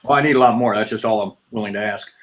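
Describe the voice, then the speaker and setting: A man studying Greek in a tutoring session, making dry, low-key remarks. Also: rapid-fire. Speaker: Greek student.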